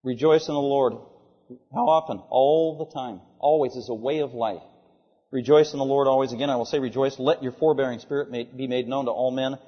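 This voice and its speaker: Male pastor, emphatic sermon delivery, slightly husky; muffled recording with long reverb. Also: mid-range voice, steady tone, a little fast. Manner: emphatic, rhetorical questions, repeats lines for stress. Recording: dull sound, long hall reverb.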